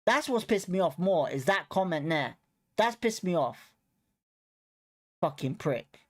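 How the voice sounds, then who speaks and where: A man's voice: high-pitched, lively intonation, moderate pace. Angry swearing young man fan host. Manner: swearing, repetitive, frustrated, blunt. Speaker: football watchalong host. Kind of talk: heated post-match fan rant.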